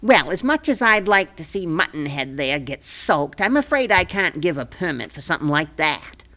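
A woman voicing a bossy, sharp-tongued small-town official in a comic radio play, with a folksy, scolding way of talking. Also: sits low, very animated, moderate pace, exaggerated voice.

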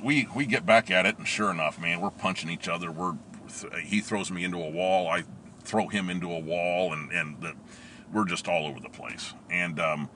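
Middle-aged guy spinning a yarn, real deep but bright and punchy, voice jumps all over, little bit of hiss behind. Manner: animated, laughs often, acts out quoted lines. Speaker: storyteller recalling police academy training. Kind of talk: casual storytelling.

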